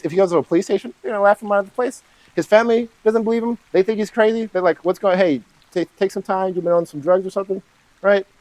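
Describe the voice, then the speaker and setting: In a low-quality recording with no echo, a man with a high voice rambles solo about a horror film for his channel. He's animated, shifting from eager to hushed, and often asks "right?"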